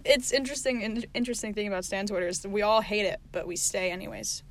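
A woman's voice: medium pitch, fairly even intonation, fast talker. A young woman co-hosting a podcast, chatting casually and laughing often between lines. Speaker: podcast co-host. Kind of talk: casual chat.

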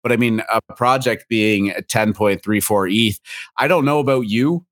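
A man co-hosting a casual morning podcast, talking in a relaxed, rambling way with lots of fillers. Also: fairly low pitch, normal speed, no echo, studio quality. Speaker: co-host.

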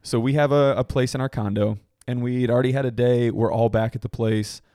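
A man's voice: medium pitch, fairly even intonation, fairly quick, mellow, dry recording. A man tells a rowdy party story on a casual podcast. He swears freely and laughs often as he talks. The sound is dry and close. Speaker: podcast co-host.

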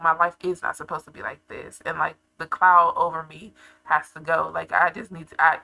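A woman's voice: on the low side, vocal fry, pushed and bright, poor audio. A young woman telling a personal story to her viewers in casual, slangy chat, full of "like" and asides. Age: young adult. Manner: slangy and confiding, full of filler "like". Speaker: vlogger.

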